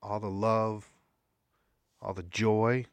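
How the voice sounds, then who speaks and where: A man's voice: level tone, slow pace, clear, resonant tone, no echo. Man, podcast co-host, casual chat, rambling, playful ad read, dry sound. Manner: rambling, reads statistics in a playful ad pitch. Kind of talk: casual chat with sponsor reads.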